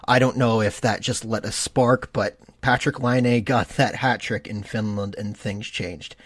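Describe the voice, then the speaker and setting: A man's voice: fairly low pitch, steady tone, unhurried, dry recording, clean studio sound. A man co-hosting a casual sports podcast, earnest and thinking aloud with frequent restarts. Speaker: podcast co-host.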